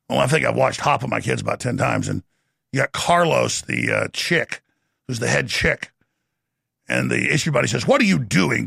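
A middle-aged man hosting a political commentary show, sarcastic and jokey in an animated way. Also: mid-range voice, gravelly, slightly rough, dry recording, clean studio sound. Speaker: show host.

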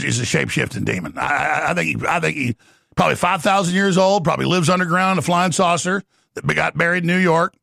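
A man hosting a talk show, delivering an excitable rapid-fire ranting monologue with frequent shouting. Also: on the high side, gravelly, dry recording, studio quality.

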